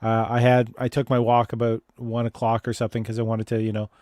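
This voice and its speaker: A man's voice: mid-range voice, monotone, fast, a little mellow, dry recording, clean studio sound. A man co-hosting a casual video call chat, telling stories with wry jokes. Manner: wry, joking, easygoing storytelling. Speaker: co-host.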